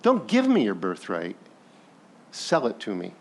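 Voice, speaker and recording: A male pastor preaching a sermon in a conversational, animated way, asking the congregation questions and briefly acting out characters from the story. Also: on the low side, a little slow. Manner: animated, acts out biblical characters in passing.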